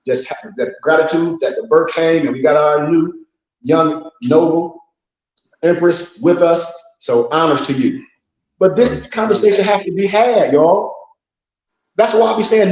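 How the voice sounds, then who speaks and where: Blunt, scolding man with high voice. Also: moderate pace, darkish tone. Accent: African American Vernacular English. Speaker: temple leader. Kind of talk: fiery streetwise lecture. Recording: echoey room.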